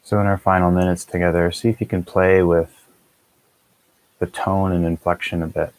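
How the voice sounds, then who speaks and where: A man calmly guiding a meditation session as a teacher, speaking in a measured, unhurried way. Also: low-pitched, no room sound, rough recording. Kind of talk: guided meditation instruction.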